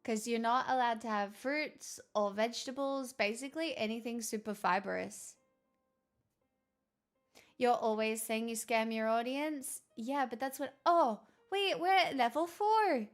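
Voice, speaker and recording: Woman streamer, higher voice, relaxed matter-of-fact chat with viewers, light self-mockery. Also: unhurried, faint music behind. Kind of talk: casual live-stream chat, answering viewer messages.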